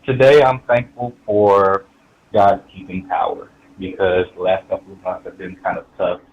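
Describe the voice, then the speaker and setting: A man's voice: deep voice, normal speed, highs cut off, slight background noise. A man calling in to a morning show, cheerful and polite. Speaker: caller. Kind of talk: casual phone-in chat.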